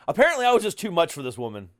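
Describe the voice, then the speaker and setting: An animated podcast host tells a personal story with self-deprecating humor and frequent laughter. The voice is mid-pitched but swings widely in pitch, keeping the casual chat lively.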